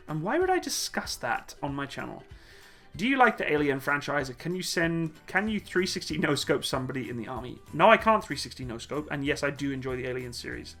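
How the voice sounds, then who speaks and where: On a laid-back live Q&A stream, a man jokes his way through chat questions he reads aloud, laughing freely. His fairly high voice sounds pushed and bright, with lively intonation and a brisk pace, and faint upbeat music plays.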